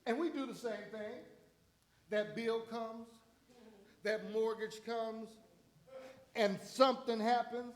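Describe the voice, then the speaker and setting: A man's voice: very high-pitched, fairly even intonation, slow, long pauses, crowd noise. A man ministering in church, preaching a sermon with dramatic build-ups and acted-out voices. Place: church sanctuary.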